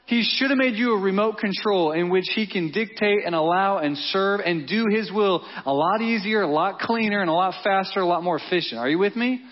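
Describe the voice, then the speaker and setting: A man preaches a sermon as a pastor, addressing the congregation in an emphatic, conversational way and repeating key words. His voice sits high and he speaks fairly quickly with few pauses, captured in dull lo-fi audio.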